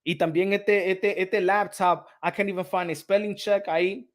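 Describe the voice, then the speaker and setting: A man's voice: high-pitched, fairly even intonation, moderate pace. A man hosting a boxing channel, ranting casually with lots of stammered restarts. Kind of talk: casual vlog rant.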